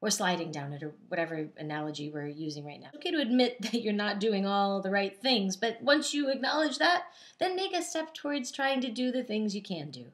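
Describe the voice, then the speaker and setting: A young woman who is a diabetes advocate, talking candidly and casually to camera, with animated asides where she quotes herself. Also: mid-range voice, a little fast.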